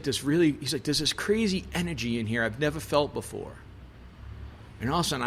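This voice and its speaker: A man telling a story on a podcast in a lively, loose way, full of swearing and fillers, his voice sitting at a middle pitch. He leans into the voices of the people he quotes, and there is a faint hiss of noise behind him. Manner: animated, profane storytelling with many fillers. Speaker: chef, podcast guest. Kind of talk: casual storytelling interview.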